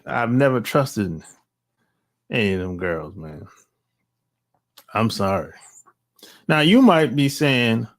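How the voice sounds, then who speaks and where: Slow, animated middle-aged man ranting. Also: medium pitch. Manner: rambling, blunt, with slang and profanity; frequent sighs and restarts. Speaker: channel host. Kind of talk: casual opinion monologue.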